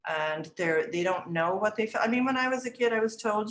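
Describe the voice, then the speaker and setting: A middle-aged woman in an interview, reflecting on teaching children in a thoughtful way, often restarting her sentences and acting out gentle phrases she would say to a child. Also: mid-range voice, expressive, brisk. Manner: acts out gentle words to children. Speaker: early childhood education director. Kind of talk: interview answers. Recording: roomy echo.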